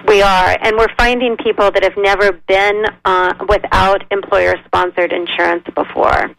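A woman guest expert explaining health insurance options in a measured, informative way, with frequent ums. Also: mid-range voice, steady tone, creaky, fairly bright tone, no room sound, low-quality recording. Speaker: nonprofit executive director, guest expert. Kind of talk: radio interview.

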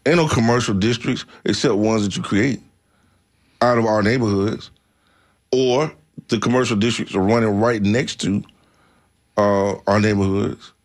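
A man hosting a talk radio show, telling stories in an animated way and laughing easily. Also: on the low side, normal speed, pauses often.

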